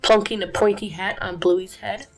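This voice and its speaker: A woman reading a children's book aloud in a gentle, expressive way. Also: mid-range voice, normal speed, over music. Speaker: storybook reader.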